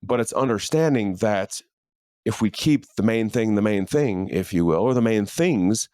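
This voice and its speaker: Middle-aged male podcast host, lower pitch, earnest and conversational, dry close studio mic in a home office. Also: animated, normal speed, mellow, smooth, no room sound. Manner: earnest, conversational, with frequent fillers and restarts. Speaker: podcast host and leadership coach. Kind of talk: casual motivational monologue. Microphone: studio microphone in a home office.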